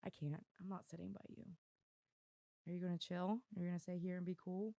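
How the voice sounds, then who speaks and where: Hoarse, gravelly self-mocking woman host. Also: lowish voice, level tone, fairly quick, warm tone, no room sound. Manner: self-deprecating, rambling, laughs often. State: losing her voice. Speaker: podcast host. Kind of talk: casual chat. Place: room at home with dogs. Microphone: desk mic on video.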